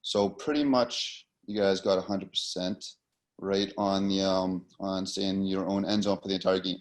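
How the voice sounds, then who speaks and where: Sitting low in pitch with a steady tone and normal speed, an American man teaches hockey linesman positioning. As an officiating instructor, his instructional talk is casual and loose, packed with fillers and repeated words.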